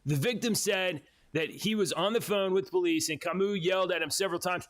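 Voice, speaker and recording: Man on a chat podcast, higher-pitched voice, reads news aloud, laughs a lot, mocks the quotes. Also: a little fast, a bit bright. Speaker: podcast co-host. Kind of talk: casual chat, reading news stories aloud.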